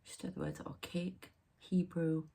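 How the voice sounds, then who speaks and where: Woman medium, middle-aged, breathy and lowish, meanders, slips into whispers. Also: very animated, measured pace. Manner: meandering, drifts into hushed whispered asides. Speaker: psychic medium. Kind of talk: rambling spiritual channelling monologue.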